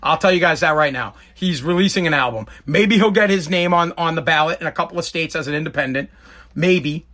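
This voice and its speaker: Middle-aged New man, high bright voice, blunt emphatic podcast host talking straight at listeners. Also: brisk. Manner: blunt, emphatic, repeats himself. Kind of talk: casual monologue.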